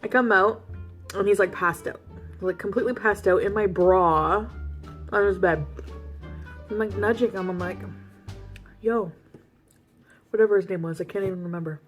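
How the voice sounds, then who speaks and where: A woman chats straight to her viewers in a casual storytime vlog, frank and animated, with laughs breaking in and "like" sprinkled through every sentence. Her voice sits at an ordinary middle pitch, with faint music now and then. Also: normal speed, pauses often. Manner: chatty, laughs often, heavy use of "like". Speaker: vlogger.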